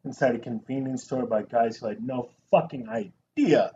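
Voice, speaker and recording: A man co-hosting a casual movie review show, talking in an animated, profane way and mimicking actors. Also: mid-range voice, moderate pace. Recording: dull lo-fi sound with faint noise.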